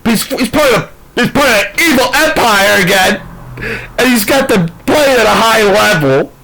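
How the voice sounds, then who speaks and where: Frustrated male sports podcaster, profane rambling rant, voice on the higher side. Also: lively intonation, moderate pace, gravelly, sharp tone, a little hiss or hum, rough recording. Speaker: sports commentator. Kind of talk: ranting sports recap.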